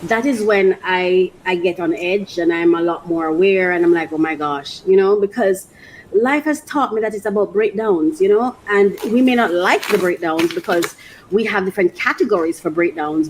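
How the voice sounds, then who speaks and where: A woman vlogging casually, who swings from gushing squeals and laughter to a softer, reflective way of talking about her feelings. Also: fairly low pitch, brisk, background noise. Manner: reflective and soft-spoken when sharing personal feelings. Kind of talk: casual emotional vlog.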